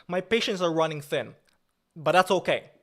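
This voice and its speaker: A man's voice: fairly high pitch, normal speed. A man hosting a livestream, talking casually, irritable at first, then joking as he answers viewer chat. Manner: irritable, then forces himself calm and joking. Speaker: livestream host.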